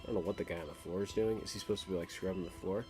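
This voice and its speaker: A man's voice: deep voice, steady tone, rapid-fire, dark tone, soft background music. A man hosting his own record collection vlog, rambling in casual, crude, joking chat that trails off into mumbles.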